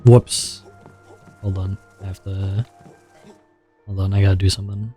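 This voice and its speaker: A man streaming a game, rambling in a relaxed, self-conscious way with a slightly sore throat. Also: sits low, measured pace, soft background music. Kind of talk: casual gameplay chat.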